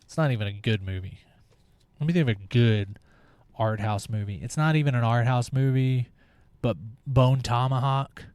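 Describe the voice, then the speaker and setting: A man's voice: mid-range voice, normal speed, a little mellow, no echo. A young man hosting a podcast, talking in a blunt, opinionated monologue and swearing freely. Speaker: podcast host. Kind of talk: casual monologue.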